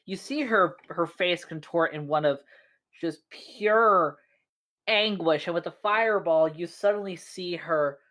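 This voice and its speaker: A woman with a low voice narrates a tabletop fantasy battle as dungeon master. She talks slowly and haltingly, filling pauses as she finds her words. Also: a bit bright. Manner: slow, halting narration with fillers.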